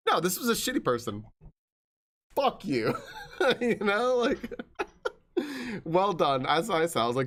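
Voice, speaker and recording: A man's voice: sits high, big pitch swings, a little slow, pauses often, a bit bright. A man streaming a video game from home, chatting casually and telling stories, rambling, swearing freely and laughing often. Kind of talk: casual gameplay chat with storytelling.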